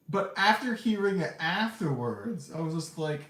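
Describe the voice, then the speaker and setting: A podcast host seated indoors reviews movies candidly and casually, rambling and laughing often, in a slightly high, somewhat bright, sing-song voice. He keeps a measured pace with few pauses, and the recording has a roomy echo and a faint background hum.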